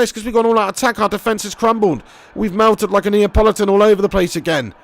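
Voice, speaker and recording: Young male streamer, high gravelly voice, sweary excitable game commentary and chat banter. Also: quick pace. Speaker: gaming live streamer.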